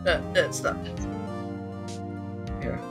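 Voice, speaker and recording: A man co-hosting a let's play, chatting casually and goofily, swinging between squeaky highs and mumbled lows. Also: drawn-out words, music in the background. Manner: goofy, giggly, jumps between high squeals and low mumbles. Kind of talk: casual chat over a game.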